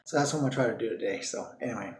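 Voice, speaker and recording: A man's voice: fairly low pitch, very fast, reverberant, a little hiss or hum. A man making a casual solo vlog, rambling with many fillers and repeats while he eats and talks with his mouth full. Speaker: vlogger.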